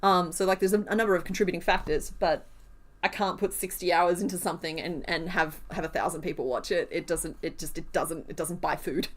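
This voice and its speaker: A woman's voice: fairly low pitch, steady tone, a little fast. A woman live-streaming as she crochets, chatting casually and rambling with frequent giggles and fillers.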